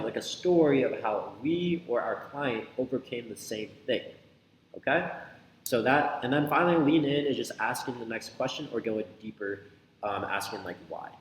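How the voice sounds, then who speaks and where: A man coaching on sales calls, talking loosely with many fillers and check-in questions. His voice sits at an ordinary middle pitch. The recording is roomy, with a long reverb tail and a faint hum of ambient noise behind him. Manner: filler-heavy, loose and conversational, repeats "like" and "right?". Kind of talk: casual teaching talk.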